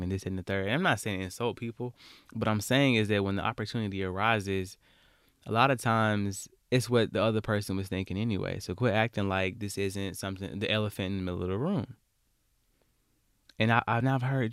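Blunt man, smooth low voice. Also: moderate pace, no echo, clean studio sound. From Alabama, US South. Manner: blunt, animated, repeats words when worked up. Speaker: podcast host. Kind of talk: solo podcast monologue.

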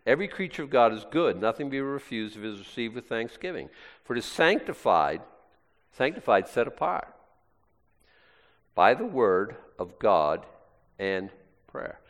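A man's voice: medium pitch, sing-song, moderate pace, pauses often. A man with an American accent preaching a casual sermon in a rambling, folksy way, often interrupting himself. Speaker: pastor. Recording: reverberant hall.

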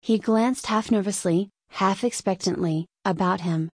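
A woman narrating a story as an audiobook in a measured storytelling way. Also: medium pitch, breathy edge, no room sound.

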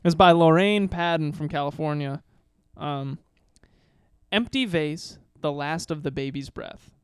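A man co-hosting a podcast in casual chat, jokey and quick to laugh, reading poems aloud. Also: fairly high pitch, clean tone, dry recording, clean studio sound. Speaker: podcast co-host.

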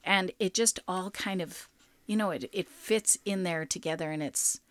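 A woman's voice: on the low side, normal speed, no echo. A woman co-hosting a faith podcast and talking about her book, chatty and teasing, laughing easily. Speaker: podcast co-host and author. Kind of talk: casual faith podcast chat.

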